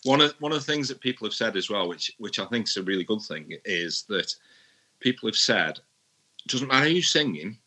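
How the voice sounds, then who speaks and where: A man chatting as a guest in an interview, relaxed and often repeating words while he thinks. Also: on the low side, brisk. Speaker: musician guest. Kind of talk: casual interview chat.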